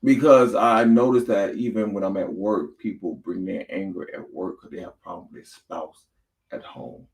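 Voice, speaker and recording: A man's voice: deep voice, fairly even intonation, moderate pace, creaky, a little mellow. A man co-hosting a candid talk about marriage, speaking earnestly and plainly. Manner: earnest, plain-spoken advice giving. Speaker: podcast co-host.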